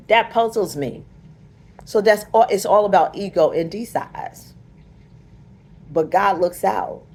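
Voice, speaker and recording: A woman's voice: medium pitch, takes it slowly, pauses often, a little mellow, slightly rough. A woman, talking straight to viewers in an emphatic, preachy way. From United States. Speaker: vlogger. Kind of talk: casual direct-to-camera commentary.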